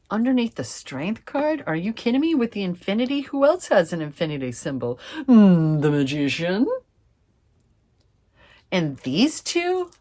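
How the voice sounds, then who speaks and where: A young woman doing a casual tarot reading to camera, chatty and excitable, swearing freely and calling her viewers fam. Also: lowish voice. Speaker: tarot reader.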